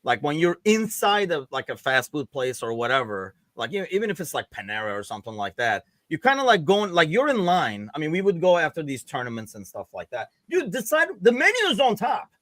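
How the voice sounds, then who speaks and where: Animated ranting man, lively voice. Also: fairly high pitch, fairly quick, few pauses, no room sound. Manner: animated ranting about pet peeves, filler-heavy. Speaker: podcast co-host. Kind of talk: casual chat.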